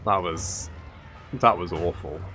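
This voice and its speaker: A man's voice: low voice, slow, pushed and bright, a little hiss or hum. A man hosting a strategy game let's play, commenting as he plays, given to swearing and exasperated outbursts. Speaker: gaming channel host.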